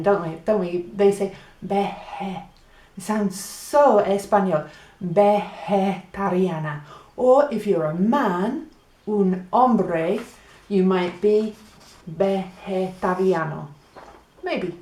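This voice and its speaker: A woman gives an unhurried beginner lesson, drawing each word out and repeating it so learners can follow. Her voice is mid-pitched and rings a little in an echoey room. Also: darkish tone. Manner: slow, deliberate, repeats words for practice. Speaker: Spanish teacher. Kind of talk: beginner language lesson mixing English and Spanish.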